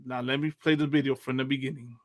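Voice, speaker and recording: A man's voice: mid-range voice, flat delivery, fast, no echo, clean studio sound. A man hosting a casual religious talk show, loose and chatty, often laughing and asking "you know what I mean". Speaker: radio show host.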